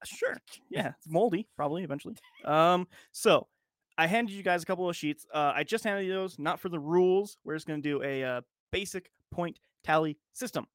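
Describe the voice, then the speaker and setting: A man co-hosting a podcast, running a trivia game in casual chat, animated and jokey, laughing often. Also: a little high, fairly quick, no echo, clean studio sound.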